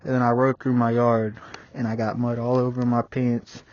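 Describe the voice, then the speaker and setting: A man's voice: mid-range voice, flat delivery, normal speed. A young man talking casually on a riding vlog, swearing often and calling the viewer bro and dude, recorded outdoors on a small clip-on mic. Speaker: vlogger. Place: outdoors on a dirt bike on country roads. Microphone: small wireless clip-on mic. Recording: muffled lo-fi audio with loud wind and road noise.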